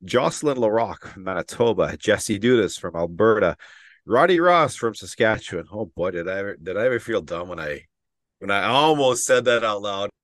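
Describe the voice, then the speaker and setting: A man's voice: fairly low pitch, expressive, moderate pace, a bit bright, no room sound, clean studio sound. A man co-hosting a casual podcast who laughs often and reads names off his phone. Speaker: podcast co-host.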